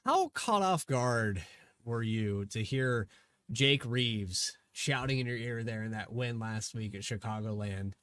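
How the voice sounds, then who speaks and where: Chatty race broadcaster. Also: male voice, medium pitch, lively intonation, a little slow, fairly bright tone, no echo. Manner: chatty, rambling, hesitant restarts. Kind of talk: post-race interview.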